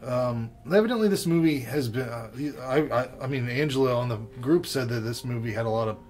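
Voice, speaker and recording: A man's voice: mid-range voice, brisk, a little mellow, soft background music. A man co-hosting a podcast, reviewing a film in blunt, profane casual chat.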